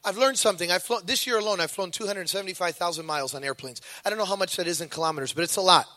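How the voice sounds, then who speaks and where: Bright, lively high-voiced preacher. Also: male voice, racing, no echo. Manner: animated storytelling with acted voices. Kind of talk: sermon.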